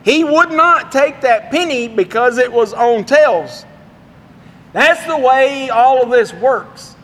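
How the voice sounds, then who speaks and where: A man's voice: extremely high pitch, lively intonation, slow, a bit bright. A male pastor preaching a sermon in a folksy, storytelling way, in a church sanctuary. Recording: long hall reverb.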